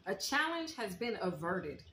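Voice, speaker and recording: A woman giving a heartfelt spiritual tarot reading, talking straight to her viewers in a preacherly way and sometimes softly singing. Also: medium pitch, big pitch swings, a little slow. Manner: emotional, preacherly, breaks into soft song. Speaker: tarot reader. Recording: echoey room with faint noise.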